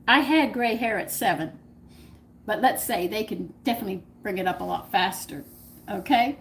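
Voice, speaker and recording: A woman's voice: medium pitch, moderate pace, slight background noise, rough recording. An older woman hosting a cooking channel, rambling through a personal story to her viewers, laughing often and acting out what people said. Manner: chatty, rambling, laughs often, acts out dialogue.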